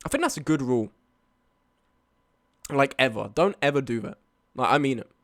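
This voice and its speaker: A man's voice: medium pitch, normal speed, a bit bright. A young man telling a rambling story to his stream chat, swearing and laughing along the way. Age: young adult. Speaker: live streamer.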